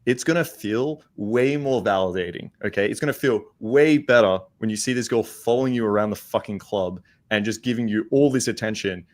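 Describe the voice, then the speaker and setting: A man's voice: fairly low pitch, fairly quick, hardly any pauses. A man on a panel giving emphatic advice in a coaching tone, checking in with "right?" and "okay?". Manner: emphatic, coaching tone with tag questions. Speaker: panel guest. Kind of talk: casual panel talk.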